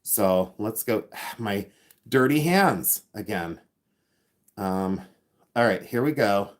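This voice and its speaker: Chatty, excitable man hosting a live stream. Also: on the low side, slow pace. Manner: chatty and excitable, thinks aloud with many restarts. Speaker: livestream host and reseller. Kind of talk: casual live-stream chat reading viewer comments.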